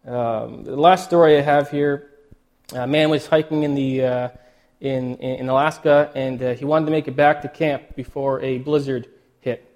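A male pastor giving a sermon, emotional and choked up, halting with many restarts and fillers. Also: medium pitch, steady tone, darkish tone.

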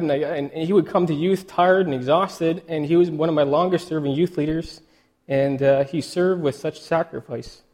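A male pastor giving a sermon, emotional and choked up, halting with many restarts and fillers. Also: fairly high pitch, a little mellow.

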